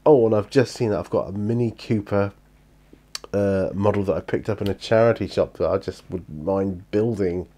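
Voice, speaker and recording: A man's voice: lowish voice, moderate pace, dark tone. A tired British man chatting casually and rambling in his hobby room at home, with lots of fillers and restarts. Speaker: hobby vlogger. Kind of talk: casual chat.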